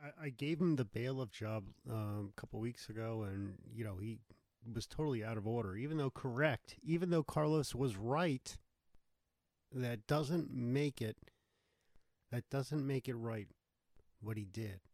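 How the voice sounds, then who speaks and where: A man's voice: medium pitch, a little slow, a little mellow, no room sound. A man hosting a live call-in show, irritable and blustering, complaining and swearing about his setup. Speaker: show host.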